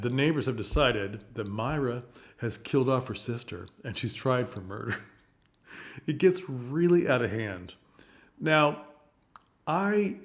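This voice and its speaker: A theater reviewer gives a relaxed, unscripted spoken review of a play, thinking aloud as ideas come to him. His ordinary middle-pitched male voice rambles and circles back, broken up by lively little asides.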